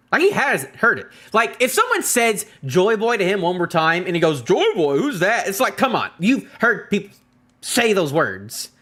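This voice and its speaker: A man rambling through a casual live-stream reaction to a manga chapter and talking to his chat. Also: high-pitched. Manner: animated, rambling, talks to chat.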